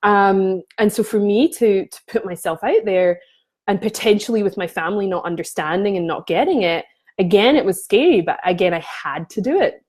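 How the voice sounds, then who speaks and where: A woman's voice: medium pitch, moderate pace, a little mellow. A woman spiritual coach talking casually to camera, passionate and often restarting her sentences.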